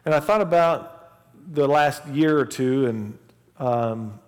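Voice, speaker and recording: Slow and medium in pitch, this man's voice has a big-room sound. He's a pastor in his forties in a church sanctuary, sharing a relaxed personal anecdote before his sermon rises to fervent preaching.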